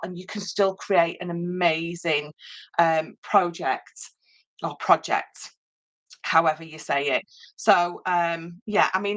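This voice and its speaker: A woman's voice: on the low side, a bit bright, poor audio. A woman hosting a live crafting tutorial in a chatty, rambling way, greeting viewers by name with lots of ums. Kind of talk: casual live craft demonstration.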